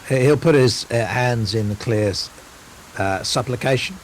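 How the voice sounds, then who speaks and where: A man's voice: medium pitch, moderate pace. A man playing a tabletop role-playing game, speaking hesitantly and stumbling through his character's pleas. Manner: hesitant, many fillers and restarts when speaking in character. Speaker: player. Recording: faint background noise.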